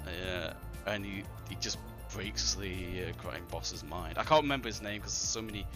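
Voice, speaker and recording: A man with a lowish voice chats casually about films, animated and full of ums and uhs. He slips into mocking impressions now and then, and music plays clearly behind him. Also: moderate pace. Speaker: podcast co-host. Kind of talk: casual film review chat.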